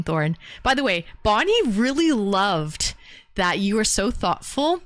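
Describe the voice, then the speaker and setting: Chatty female streamer host, animated delivery, dry close sound. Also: mid-range voice, dry recording. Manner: bubbly, chatty, lots of fillers and laughs. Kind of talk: casual livestream chat.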